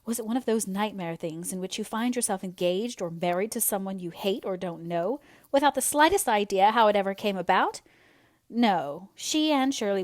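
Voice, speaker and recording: A woman narrating an audiobook in a measured, expressive reading voice. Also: mid-range voice, no room sound.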